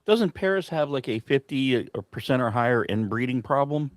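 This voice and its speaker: A man's voice: mid-range voice, expressive, normal speed, no echo. A man in a casual chat, throwing in jokey, teasing questions.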